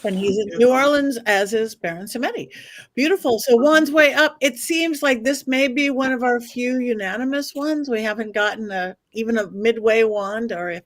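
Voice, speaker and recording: A woman's voice: a little high, normal speed, dry recording. A woman hosting a podcast who leads the rating segment in an upbeat, casual way. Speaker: podcast host. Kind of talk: casual chat.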